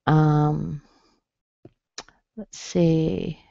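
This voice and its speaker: Lady teaching names in a webinar, kinda low voice, dry muffled mic. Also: level tone, drawn-out words, gravelly, warm tone, no echo. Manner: explains patiently, sounds out syllables. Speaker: pronunciation teacher. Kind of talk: webinar lesson. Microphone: computer mic on a webinar. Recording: dry, slightly dull webinar audio.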